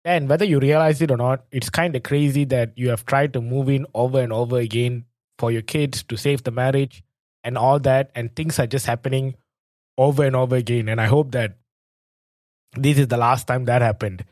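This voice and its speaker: A man's voice: medium pitch, fairly even intonation, moderate pace, darkish tone, dry recording, studio quality. A man hosting, commenting on a story and asking the guest to go on, in a reflective casual way. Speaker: host.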